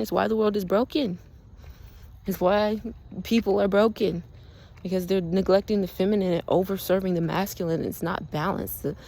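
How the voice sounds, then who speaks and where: A young woman talking in a casual, rambling spiritual monologue, earnest and quick to laugh, with lots of "like" fillers. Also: medium pitch, a little mellow, a little hiss or hum. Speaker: spiritual vlogger.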